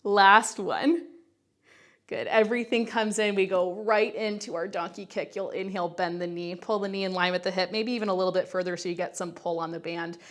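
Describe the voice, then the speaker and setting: A woman's voice: mid-range voice, steady tone, a little fast, fairly bright tone. A woman leading a Pilates workout, coaching in an upbeat, chatty way and counting reps while exercising along, a little winded. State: working out along, slightly winded. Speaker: Pilates instructor. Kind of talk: guided workout instruction.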